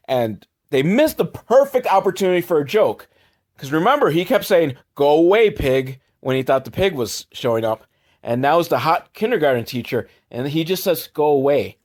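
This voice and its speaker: Sarcastic man recapping a film, lively pitch. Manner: sarcastic, acts out characters in quick put-on voices. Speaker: comedy movie reviewer. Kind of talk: comic movie recap.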